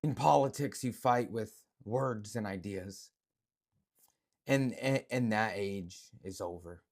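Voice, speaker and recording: Gravelly, unhurried commentator, halting and stammering. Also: mid-range voice, a little mellow. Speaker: online commentator. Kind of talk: emotional reaction video.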